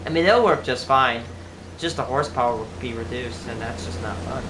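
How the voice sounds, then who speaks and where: A streamer talks through a farming game live in a loose, chatty way, thinking out loud and leaning on "like" as a filler. The voice bounces around a hard, echoey room. A steady air-conditioner hum sits underneath. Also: mid-range voice, fairly quick. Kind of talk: casual live gameplay commentary.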